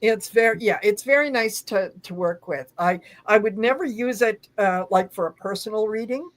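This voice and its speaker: A woman co-hosting a casual tarot chat over a video call, enthusiastic and quick to agree. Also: medium pitch. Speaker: co-host.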